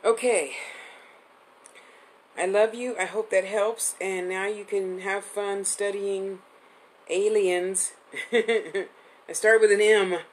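A woman's voice: medium pitch, steady tone, slow pace, pauses often, rough recording. Chatty woman in her fifties. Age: 50s. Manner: chatty and affectionate, rambling with restarts. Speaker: psychic medium host. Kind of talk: live-streamed reading.

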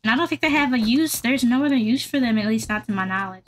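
Casual gamer woman talking to her viewers, higher voice, bit of background noise, gets hyped in fights. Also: quick pace. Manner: chatty, talks to viewers, excitable when fighting. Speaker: gaming YouTuber. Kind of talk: casual gameplay commentary.

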